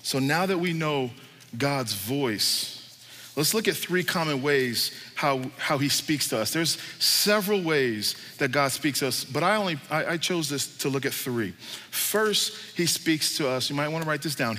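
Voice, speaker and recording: A man's voice: fairly high pitch, lively intonation, unhurried, pushed and bright. A man pastor preaching a sermon in a casual, joking way with slang. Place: church hall. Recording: reverberant church hall.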